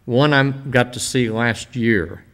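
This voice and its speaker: An older man speaking informally to a church congregation, telling stories in a folksy, rambling way with many pauses. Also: medium pitch, fairly bright tone. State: emotional, voice dropping. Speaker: visiting church-building minister.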